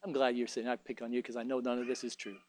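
A man's voice: mid-range voice, flat delivery, fast talker. A man preaching a sermon in a folksy way, mixing joking asides with fervent, emphatic exhortation.

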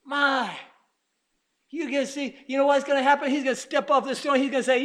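A man preaching a sermon, calling out to the congregation, shouting his exclamations and at times dropping to a near whisper. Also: very high voice, little pitch movement, fairly quick.

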